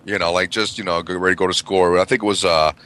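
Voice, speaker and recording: A middle-aged man telling a story as a radio show co-host in casual chat, animated and profane, acting out the quoted lines. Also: low-pitched, fast talker, low-quality recording.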